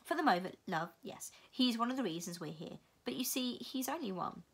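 A woman voicing a kindly, excitable creaky-voiced woman who speaks warmly and reassuringly. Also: fairly high pitch, a little fast. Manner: warm and reassuring, calls others love.

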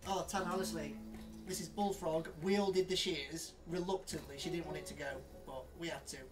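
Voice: mid-range voice, fairly even intonation, normal speed. A co-host on a live slots stream, teasing and laughing with the host. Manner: playful, teasing, laughs easily. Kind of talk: live-stream casual banter. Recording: distant from mic, music behind.

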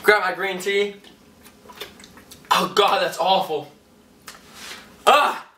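A young man giving a rambling, excitable vlog update, heard through a camera mic a little way off. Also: high-pitched, slow pace, far from the mic, background noise. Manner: rambling, excitable, self-correcting. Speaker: vlogger.

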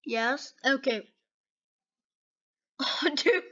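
A woman hosting a gaming video, giving casual reaction commentary in an excitable, chatty way, saying okay and dude over and over. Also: sits high, drawn-out words, dull audio.

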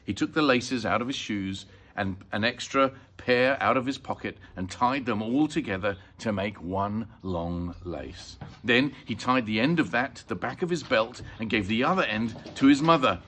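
A man's voice: mid-range voice, moderate pace, hardly any pauses, a little hiss or hum. Older man reading a children's story. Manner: expressive, lilting reading. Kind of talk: reading a children's book aloud.

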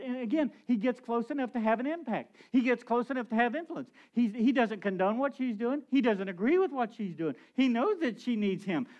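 A male pastor preaching a sermon in an animated way, with rhetorical questions and chuckles to the congregation. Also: very high voice, dull audio.

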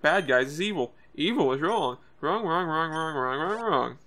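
Man plays a bright-voiced, preachy young do-gooder, sing-song and repetitive, slightly high. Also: expressive, moderate pace. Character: earnest preachy young man who sings.

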